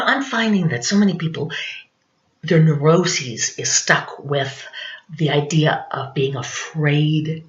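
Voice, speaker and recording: A woman in her fifties doing a rambling, confessional comic monologue, forever asking "you know what I'm saying". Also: low voice. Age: 50s. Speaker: stand-up comedian. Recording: roomy, dull lo-fi recording.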